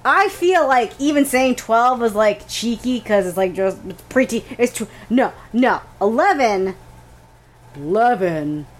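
A woman co-hosting a casual podcast, animated and quick to laugh, swearing freely. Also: on the high side. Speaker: podcast co-host. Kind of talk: casual chat.

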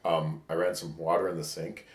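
A podcast co-host with a low-pitched, level voice tells a candid, rambling story at a moderate pace, acting out the texts he quotes. It's casual storytelling recorded in an echoey room.

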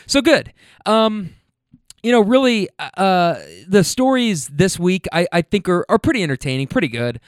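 Male host, rideshare storyteller; casual and laughing, lots of restarts; smooth, clean tone, dry close sound. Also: sits high, normal speed, dry recording. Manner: laughing, animated, stumbling restarts. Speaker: rideshare driver and show host. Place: Louisville.

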